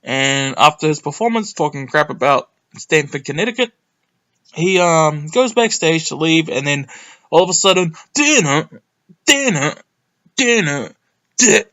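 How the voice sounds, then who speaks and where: A young man talks through a wrestling event in a loose, rambling monologue, full of ums and sudden bursts of excitement. His voice sits a little high and sounds bright and sharp. He swears casually as he goes. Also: normal speed. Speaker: wrestling reviewer.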